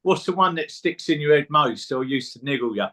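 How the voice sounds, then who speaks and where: A man's voice: on the high side, lively intonation, a little fast, bright, forceful tone. A man co-hosting a casual chat, asking plain-spoken, opinionated questions. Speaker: co-host.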